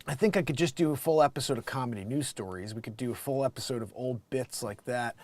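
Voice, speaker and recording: A man with an American accent hosting a casual livestream, joking loudly and laughing, then rambling in a relaxed way as he plans future shows. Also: mid-range voice. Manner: loud, laughing comedic banter; relaxed, rambling planning talk. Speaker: livestream host.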